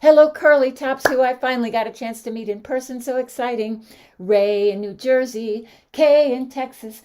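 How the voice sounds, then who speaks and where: A woman's voice: a little high, normal speed. A woman hosting an online sing-along show, cheerfully greeting viewers by name. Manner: cheerful, animated greeter listing names. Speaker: host. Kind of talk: warm online greetings, casual chat.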